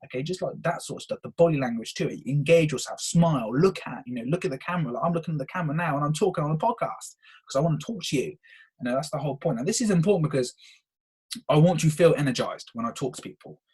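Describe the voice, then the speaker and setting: Young host, husky voice, rapid and eager, keeps saying "okay". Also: male voice, on the high side. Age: young adult. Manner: energetic, eager, peppers talk with "okay". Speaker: podcast host. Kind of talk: solo motivational podcast talk.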